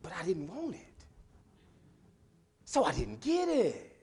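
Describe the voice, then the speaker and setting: A male preacher with a high voice that swoops through a wide range, preaching slowly and deliberately. He drops to hushed whispers, then builds to shouted lines. He draws answers back from the congregation in the church. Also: huge pitch swings, slightly rough. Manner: dramatic swings from hushed whispers to shouted lines, call-and-response. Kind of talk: sermon. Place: church sanctuary.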